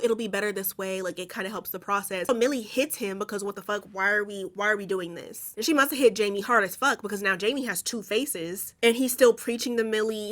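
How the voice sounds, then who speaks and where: Profane chatty woman recapping a movie. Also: mid-range voice. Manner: profane, animated storytelling with acted-out quotes.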